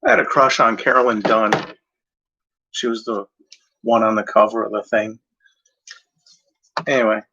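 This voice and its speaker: Male host talking to camera off the cuff, with halting, rambling delivery, a tense bright tone and muffled lo-fi sound. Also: on the low side, steady tone, creaky, breathy edge. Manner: rambling, hesitant, with many fillers and self-corrections. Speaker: video host. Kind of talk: casual talk to camera. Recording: dull lo-fi sound.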